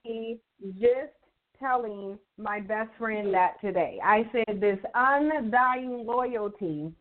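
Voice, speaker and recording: A woman's voice: a little high, slow pace. A woman co-hosting a talk show, speaking earnestly and measuredly about her own experiences. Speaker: co-host. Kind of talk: personal, opinionated talk show discussion. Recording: tinny phone-line sound.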